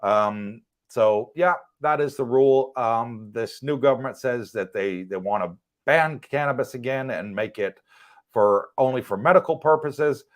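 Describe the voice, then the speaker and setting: A man's voice: medium pitch, measured pace. A middle-aged man with an English accent, hosting a casual livestream and reading out viewer comments in a chatty, teasing way. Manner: chatty, teasing, laughs often.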